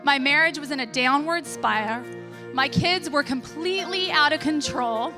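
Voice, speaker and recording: A woman from California with a high voice gives an emotional, emphatic testimonial from a stage. Clear music plays behind her the whole time. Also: moderate pace. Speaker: seminar speaker giving a testimonial.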